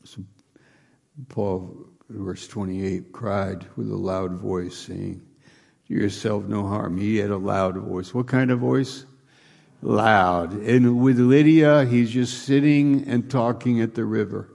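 Slow gravelly male preacher. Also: on the low side, steady tone, dark tone. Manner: rambling, restarts, reads scripture aloud. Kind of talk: sermon.

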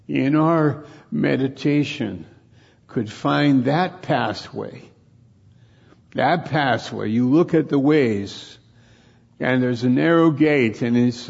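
A man preaches slowly in an informal sermon, his voice gravelly and husky. He pauses and restarts his words as he thinks aloud. The recording sounds dull and lo-fi. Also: medium pitch, darkish tone. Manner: halting, repeats and restarts words while reflecting.

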